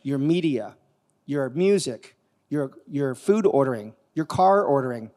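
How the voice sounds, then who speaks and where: A man giving a live conference talk, animated and quizzing the audience as he demos technology. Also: medium pitch, a little slow. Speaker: conference speaker. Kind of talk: live keynote talk with demo. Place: conference hall on stage. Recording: long reverb of a large hall.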